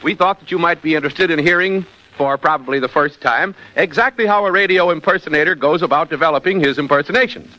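Bright vintage radio host. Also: male voice, a little high. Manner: brisk, straight-man questioning. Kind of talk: scripted vintage radio announcing. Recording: dull old radio recording.

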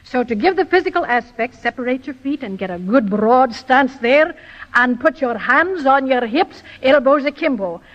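A woman's voice: sits high, lively intonation, moderate pace. A woman who is a radio actress and dramatic coach, speaking precisely and instructively as she teaches a dialect by demonstration in a radio broadcast. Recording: old radio broadcast with long reverb, dull lo-fi sound.

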